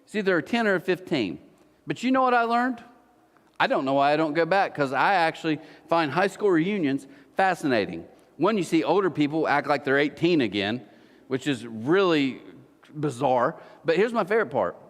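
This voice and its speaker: A man in his forties preaching a sermon, telling stories with lively acted-out quotes. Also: fairly high pitch, normal speed, big-room sound. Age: 40s. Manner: animated storytelling, acting out quotes. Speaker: pastor. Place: church auditorium.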